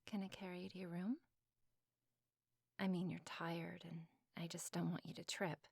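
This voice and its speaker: A woman playing a winged fey woman, whispered role-play, husky, low, dry close mic, tender and protective. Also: little pitch movement, normal speed, dry recording.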